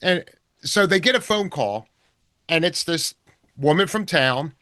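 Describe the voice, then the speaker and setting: Southern man, bright voice, dry mic. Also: on the high side, lively intonation, measured pace, no room sound. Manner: laid-back, rambling, profane recap. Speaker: podcast co-host. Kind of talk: casual horror movie review chat.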